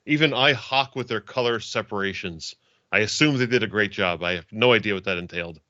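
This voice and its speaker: Casting note: male podcast guest, lowish forceful voice, wry self-mocking humor, dry dull lo-fi sound. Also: brisk, dry recording. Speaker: guest comics writer. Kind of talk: casual podcast chat.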